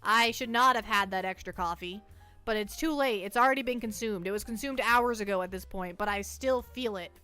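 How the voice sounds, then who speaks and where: A woman's medium-pitched voice comes out brisk, pushed, bright and smooth as she streams live from home on a close mic. She rambles playfully and mocks herself, jittery from too much caffeine, with faint music behind her casual chat.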